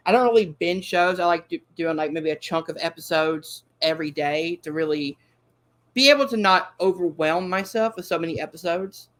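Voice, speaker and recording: A man's voice: fairly high pitch, moderate pace, a bit bright. Upbeat, eager male podcast host. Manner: upbeat, eager, with frequent "uh" fillers. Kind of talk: casual chat.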